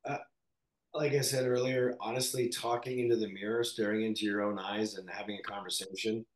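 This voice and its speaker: Speaking candidly in an interview, a Canadian actor reflects haltingly, with many fillers and restarts. He has a fairly low pitch and fairly even intonation, and the room is reverberant.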